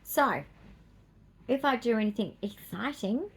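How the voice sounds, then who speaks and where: A woman's voice: medium pitch, lively intonation, unhurried. An Australian woman vlogging in a rambling, chatty way, with playful asides and small laughs. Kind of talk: casual chat.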